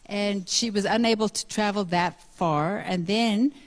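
A woman giving an earnest missionary testimony in church, pausing as she follows slides. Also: medium pitch. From South Africa. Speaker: missionary speaker. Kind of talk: sermon testimony.

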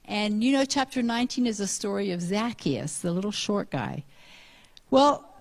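A woman giving an earnest missionary testimony in church, pausing as she follows slides. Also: mid-range voice, animated, a little mellow. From South Africa. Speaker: missionary speaker. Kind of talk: sermon testimony.

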